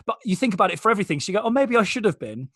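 A man, a comedian, telling quick self-deprecating stories in a casual podcast chat, with lots of fillers. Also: high voice, very animated, pushed and bright, slightly rough, no room sound. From Britain. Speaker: comedian and guest.

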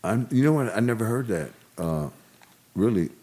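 A man's voice: lowish voice, animated, normal speed, warm tone. A man, telling loose, rambling stories on a casual podcast and acting out quotes with laughs. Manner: rambling, laughing storyteller who acts out quotes. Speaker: podcast co-host, former wrestler. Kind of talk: casual storytelling chat.

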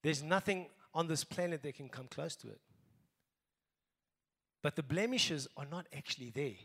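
High-voiced South African preacher, echoing hall. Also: male voice, normal speed, gravelly. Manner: emphatic, swinging between raised exhortation and quiet asides. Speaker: pastor. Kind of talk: sermon. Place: church.

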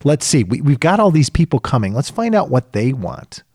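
A man's voice: medium pitch, sing-song, fairly quick, a little mellow, dry recording, clean studio sound. A man co-hosting a casual talk show, chatting animatedly and acting out quoted voices. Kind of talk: casual chat.

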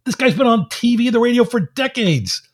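Husky man ranting on a podcast. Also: very high-pitched, expressive, a little fast. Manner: profane, exasperated ranting. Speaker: podcast co-host. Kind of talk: casual chat.

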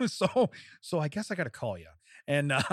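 A man's voice: fairly high pitch, wildly swooping pitch, a little slow, fairly bright tone, breathy edge, no echo, clean studio sound. A man telling a long story in casual chat, acting out both sides of a phone call and laughing often.

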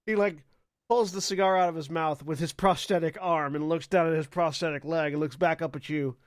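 A man narrating a tabletop game as dungeon master, casual and halting with many fillers. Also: on the high side, fairly even intonation, dry recording, studio quality.

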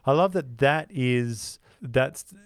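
A man's voice: medium pitch, slow, dry recording, studio quality. A man co-hosting a casual film podcast, telling stories and acting out the voices of people in them. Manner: animated, acts out voices of people in his stories. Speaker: podcast co-host.

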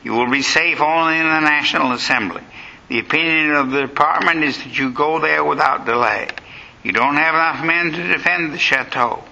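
A man voicing a cold, urgent male law officer who warns a king to flee, with a gravelly voice. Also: on the high side, moderate pace, pushed and bright, muffled recording, a little hiss or hum, pitched above the performer's own voice, full character voice. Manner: urgent, coldly warning.

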